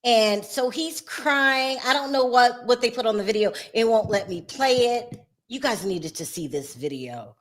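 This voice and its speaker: High-voiced woman hosting a gossip chat. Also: measured pace. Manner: animated, laughs often, talks straight to viewers. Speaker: show host.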